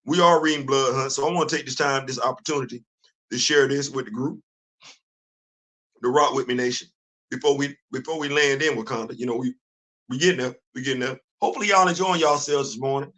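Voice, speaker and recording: A man hosting a comics show, talking casually to his viewers in an animated way, repeating himself and getting loud when worked up. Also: mid-range voice, a little fast, low-quality recording.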